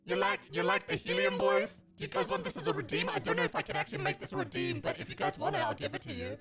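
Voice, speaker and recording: A squeaky, chipmunk-high voice from a helium pitch-shift filter. The troll is rowdy and taunting, and the voice sits far above a man's normal speaking range. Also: big pitch swings, fast talker, music in the background, heavily acted.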